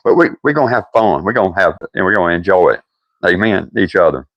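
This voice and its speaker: An older man with a thick Deep South accent talks with viewers on his livestream, folksy and rambling. His voice sits fairly low. The sound is dry and close, with no room echo. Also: animated, fast talker, dull audio. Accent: Deep South American. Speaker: livestream host. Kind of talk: casual livestream chat with viewers.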